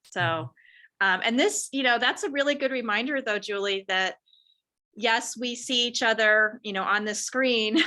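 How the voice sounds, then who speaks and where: A woman's voice: medium pitch, pushed and bright. A woman moderating a ministry roundtable on a video call, responding in an upbeat, affirming, chatty way.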